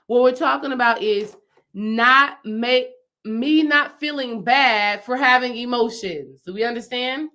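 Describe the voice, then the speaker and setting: A woman with a slightly high voice coaches her viewers on spiritual matters in a loose, conversational way. She leans on repetition to drive points home and keeps checking in with her audience. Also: a bit bright. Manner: emphatic, repeats phrases for stress; chatty, asks the audience questions. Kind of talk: casual spiritual teaching to viewers.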